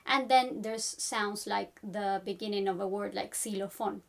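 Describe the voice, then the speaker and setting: A woman teaching the alphabet in an upbeat, encouraging lesson, spelling out letters slowly. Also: mid-range voice, steady tone, gravelly. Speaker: language teacher. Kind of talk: friendly language lesson.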